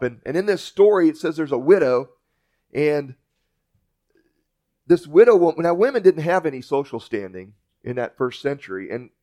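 Male pastor, folksy sermon delivery, somewhat high voice, conversational restarts. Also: warm tone. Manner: folksy storytelling preacher with restarts.

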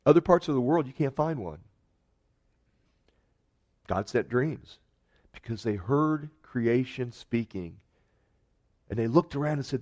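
A man preaching a sermon earnestly, rising to emphatic peaks and dropping to soft, quiet lines. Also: medium pitch. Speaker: pastor.

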